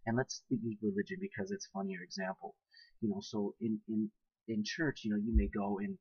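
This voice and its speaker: Husky, animated young man vlogging. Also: mid-range voice, normal speed, long pauses, no echo, muffled recording. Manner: animated, blunt and profane, laughing often. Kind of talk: casual monologue to camera.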